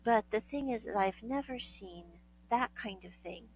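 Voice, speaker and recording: A woman's voice: fairly high pitch, moderate pace, breathy edge, rough recording. A woman from the United States telling a story in casual chat. She laughs often and acts out the dialogue she quotes.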